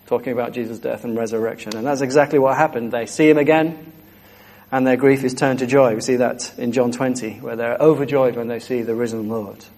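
A man's voice: medium pitch, steady tone, fairly quick, darkish tone. A man preaching a sermon, earnest and emphatic, repeating key phrases.

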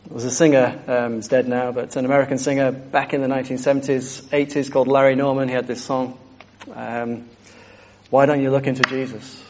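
A man's voice: medium pitch, little pitch movement, a little fast, a little mellow, a little hiss or hum. A man preaching a sermon, earnest and emphatic, repeating key phrases.

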